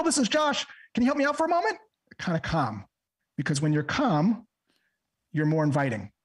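Man, sales trainer; calm, measured, methodical; slightly higher, husky voice. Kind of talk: explaining and role-playing a cold call. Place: podcast interview recording.

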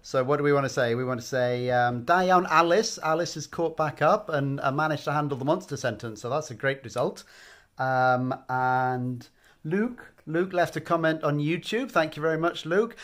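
A man's voice: on the high side, normal speed, a bit bright. Upbeat encouraging male language teacher. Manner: upbeat and encouraging, with frequent ums. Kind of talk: casual spoken language lesson.

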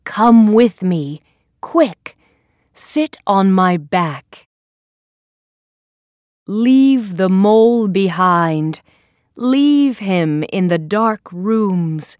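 Woman narrator playing a kind friendly bird, soft and slow, dry close sound. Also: medium pitch, lively intonation, dry recording.

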